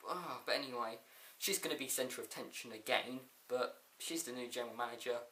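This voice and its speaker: A man's voice: mid-range voice, fairly quick, sharp tone, echoey room. A man casually reviewing a wrestling show, laughing often and rambling through a recap with quoted lines.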